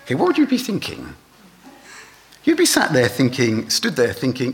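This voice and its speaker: A man's voice: medium pitch, huge pitch swings, normal speed, creaky. A man preaching a sermon, asking his listeners rhetorical questions.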